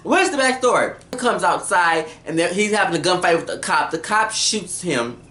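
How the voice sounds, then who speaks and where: A woman giving an animated, talkative episode recap and acting out the scenes. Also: on the low side, normal speed, roomy sound, a little hiss or hum. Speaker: TV recap vlogger.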